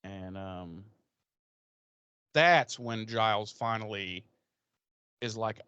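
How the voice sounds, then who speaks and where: Dude recapping a show, swears a lot, dry close mic, acts out the lines. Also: male voice, on the low side, extremely slow, clear, resonant tone, no room sound, lo-fi sound. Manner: profane, animated retelling with acted quotes. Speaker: podcast co-host. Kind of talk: casual episode recap.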